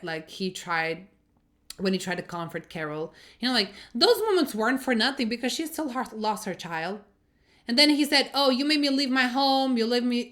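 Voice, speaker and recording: A woman casually reviewing TV episodes in a chatty, expressive, rambling way, swearing freely and thinking out loud. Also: mid-range voice. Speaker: TV series reviewer. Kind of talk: casual spoken review vlog.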